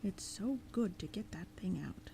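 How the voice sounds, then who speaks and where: A woman reading aloud, voicing a chatty, gossipy talking door knocker that snaps back at its neighbor, in a soft-spoken audiobook style. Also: mid-range voice, normal speed, a little hiss or hum, natural voice. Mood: relieved.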